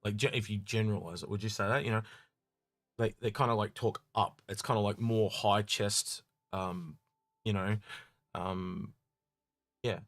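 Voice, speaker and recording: Fairly low Australian man, thinking aloud. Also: expressive, measured pace, creaky, pauses often, no room sound. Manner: hedging, thinks aloud with many fillers. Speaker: podcast co-host. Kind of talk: casual Q&A chat.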